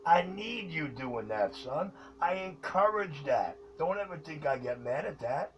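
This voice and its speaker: A man's voice: on the high side, expressive, measured pace. Man, pompous CB announcer, muffled far-off radio. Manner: formal, declaiming. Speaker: CB radio caller. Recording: muffled distant radio, hiss.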